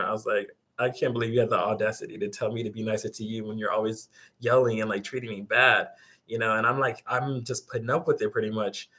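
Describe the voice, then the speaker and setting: A man's voice: medium pitch, pushed and bright. A young man vlogging, casually retelling a story, rambling with lots of fillers and some exasperation.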